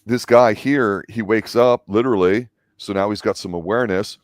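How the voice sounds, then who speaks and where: A man's voice: on the low side, normal speed, dry recording, clean studio sound. A man co-hosting a casual film review chat, agreeing easily and drawing out themes. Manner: agreeable, reflective, draws out themes. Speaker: movie review show co-host.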